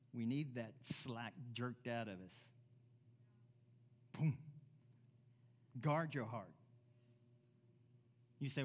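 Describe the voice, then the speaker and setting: A man preaching a sermon as pastor, reading scripture aloud and building from quiet, low passages to loud, emphatic ones. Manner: reads scripture aloud and voices imagined listeners.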